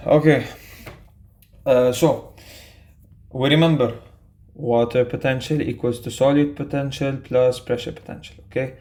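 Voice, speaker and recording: A man's voice: medium pitch, fairly even intonation, measured pace, pauses often, mellow. A young man, tutoring biology in a casual, chatty way and often checking in with "okay?". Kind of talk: explaining a quiz to students.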